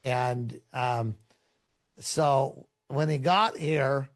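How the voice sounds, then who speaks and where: Middle-aged guy, a pastor, telling a story in a relaxed, rambling way, lots of restarts, average pitch. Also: slow pace. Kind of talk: conversational storytelling in a podcast interview.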